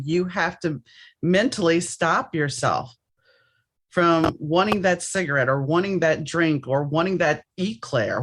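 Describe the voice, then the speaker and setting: Woman host with a slightly low voice; emphatic and direct, addressing listeners in casual chat. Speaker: podcast host. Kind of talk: casual conversational interview.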